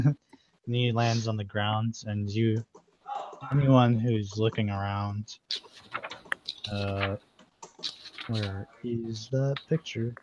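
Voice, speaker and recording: A man's voice: fairly low pitch, fairly even intonation, slow pace, pauses often, dull audio, noisy background. A man narrating as game master of an online tabletop game, in a loose, rambling way.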